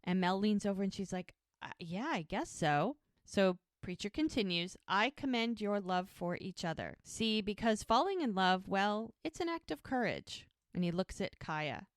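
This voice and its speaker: A woman's voice: medium pitch, normal speed, hardly any pauses, no room sound, clean studio sound. A woman co-hosting a podcast, casually retelling a show's scenes and acting out the quoted lines. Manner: lively storyteller who voices quoted lines. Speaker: podcast co-host recapping episodes.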